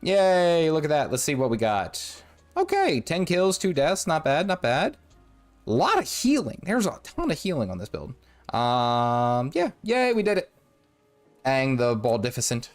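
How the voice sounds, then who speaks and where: A man's voice: a little high, huge pitch swings, a little slow, soft background music. Joking, rambling male game streamer. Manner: rambling, jokey, self-mocking. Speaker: gaming livestream host. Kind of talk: casual gameplay commentary.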